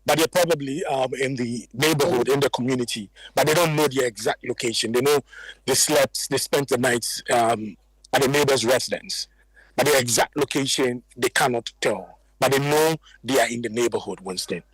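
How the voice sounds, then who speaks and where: A man, reporting live from a flooded neighborhood and gently interviewing residents. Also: medium pitch, moderate pace, slightly rough, no room sound, low-quality recording. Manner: calm, gentle interviewer who consoles guests. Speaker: field reporter. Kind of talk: live on-scene news report.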